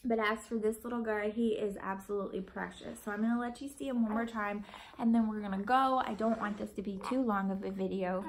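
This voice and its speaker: A woman's voice: mid-range voice, steady tone, a little fast, slight background noise, poor audio. A woman vlogging a casual update to her viewers, gushing and affectionate, with frequent ums. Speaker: vlogger and mother of a newborn.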